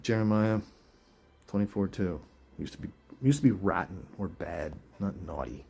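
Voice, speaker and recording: A man's voice: low-pitched, moderate pace, gravelly, darkish tone, breathy edge. A man hosting a video, reading verses aloud and reacting with incredulous, chuckling rhetorical questions in casual commentary. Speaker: video host.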